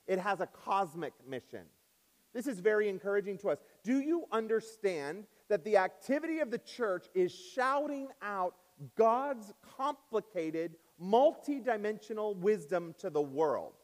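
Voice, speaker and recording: A man preaching to his congregation in a church sanctuary, his voice sitting a little high for a man. He rises and falls in pitch and volume and draws out the words he stresses. A long reverb trails behind him. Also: big pitch swings. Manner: preaches with swings in pitch and loudness, drawn-out stresses. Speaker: pastor. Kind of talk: sermon.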